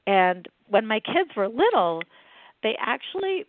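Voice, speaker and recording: A woman's voice: a little high, very animated, a little slow, slight background noise. A middle-aged woman, a book editor, telling family stories with laughs in a casual interview. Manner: chatty, laughing storyteller. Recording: tinny dry phone line.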